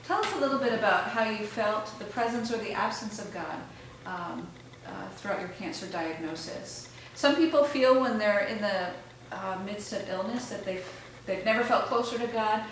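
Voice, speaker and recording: A woman pastor asking careful, soft-spoken interview questions. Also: mid-range voice, normal speed, hardly any pauses. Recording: very echoey room with faint noise.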